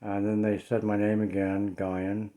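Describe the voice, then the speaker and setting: A man's voice: on the low side, completely flat delivery, measured pace, mellow. A man talking casually in a home vlog, hesitant and uneasy, with lots of ums and uhs. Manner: hesitant, many fillers, uneasy. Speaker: paranormal vlogger. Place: his home, indoors.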